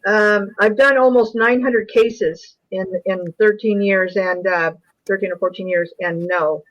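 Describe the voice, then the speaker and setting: A woman's voice: medium pitch, steady tone, a little slow. Female interview guest, earnest storyteller, mid-range voice, muffled lo-fi audio. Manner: earnest, emotional recounting. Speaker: guest, UFO investigator. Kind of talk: personal storytelling.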